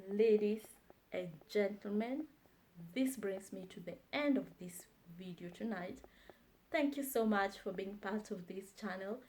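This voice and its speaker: Woman, language teacher, slow, patient repetition, mid-pitched. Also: darkish tone. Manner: repeats each phrase slowly and deliberately, encouraging. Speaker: language teacher, channel host. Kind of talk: slow, repetitive vocabulary lesson.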